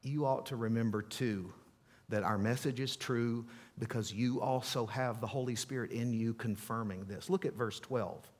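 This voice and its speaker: Animated preacher in a reverberant hall. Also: male voice, medium pitch, normal speed. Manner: emphatic, animated preaching with playful asides. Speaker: pastor. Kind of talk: sermon.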